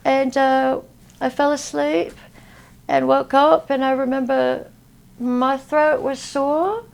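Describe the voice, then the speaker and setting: A woman from Texas, a guest in an interview, talking in a halting way with many fillers. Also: sits high, steady tone, vocal fry. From Texas, USA. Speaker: interview guest, spiritual healer. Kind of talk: casual interview talk. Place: at a convention.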